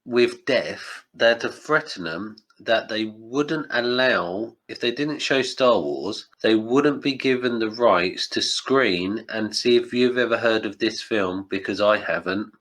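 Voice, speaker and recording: A man's voice: fairly low pitch, slow, fairly bright tone. A young man hosting a casual podcast chat, laughing often and slipping into mock quotes. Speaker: podcast host.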